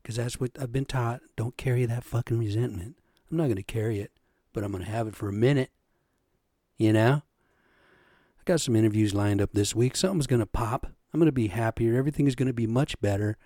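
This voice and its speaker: A middle-aged man rants bluntly and profanely, acting out the voices of people he quotes along the way. His voice is dark and mellow, at an average pitch for a man. The recording is dry and close, with no room sound. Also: brisk, dry recording. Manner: profane, blunt, heated, acts out quoted dialogue. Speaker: podcast host. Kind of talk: angry ranting monologue.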